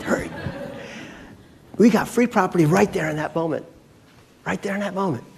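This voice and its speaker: A man's voice: medium pitch, darkish tone. A male pastor preaching a casual, storytelling sermon, talking to his congregation in a chatty way with many asides.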